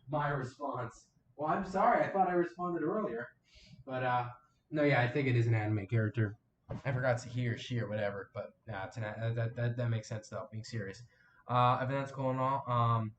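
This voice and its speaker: Young guy on a desk mic rambling thru his stream chat, average pitch, lots of ums, faint hiss behind. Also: a bit bright. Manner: rambling, many fillers and self-corrections. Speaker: live stream host. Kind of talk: casual live-stream chat reading viewer comments.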